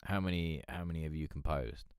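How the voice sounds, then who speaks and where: Deep man, droll Eeyore voice. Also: fairly even intonation, brisk, clear, resonant tone, no room sound, studio quality. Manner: chatty, swearing, laughing, reading chat aloud. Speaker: livestream host. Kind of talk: casual live-stream chat.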